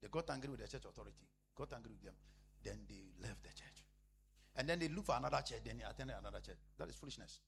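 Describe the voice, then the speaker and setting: A man preaching a sermon as a pastor, repeating phrases emphatically and swinging between loud declarations and hushed asides. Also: mid-range voice, animated, fast talker, vocal fry, a little hiss or hum.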